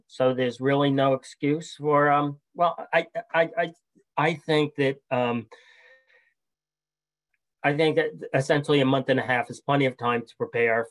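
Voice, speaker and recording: A middle-aged man giving a webinar presentation in a measured, friendly way, with fillers and restarts. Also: mid-range voice, poor audio.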